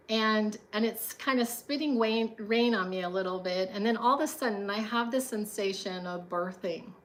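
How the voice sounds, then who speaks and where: A woman telling a personal story in a chatty monologue, full of fillers and frequent laughs. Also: mid-range voice.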